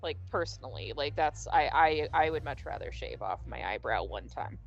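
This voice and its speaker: A woman's voice: deep voice, animated, normal speed. Woman stream host, chatty and rambling, faint music under a slightly muffled mic. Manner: rambling, many restarts and fillers, laughs easily. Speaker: stream host reading would-you-rather cards. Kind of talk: casual group chat on a livestream.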